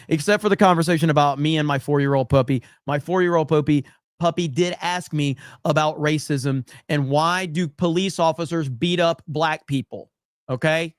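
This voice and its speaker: A man talks on his own live-streamed show, his voice sitting a little above the usual male pitch. He reads viewers' chat aloud with blunt, profane sarcasm and trips over frequent restarts. The sound is dry and close, with no room around it. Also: dry recording. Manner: sarcastic mock-earnest delivery, blunt and profane. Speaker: livestream podcast host.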